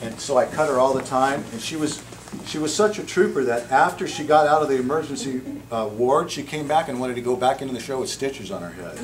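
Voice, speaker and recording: A man's voice: mid-range voice, fairly quick, slight background noise. Joking man telling salon stories. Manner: animated, joking, laughs while telling stories. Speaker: cosmetology educator. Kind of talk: storytelling to a live audience.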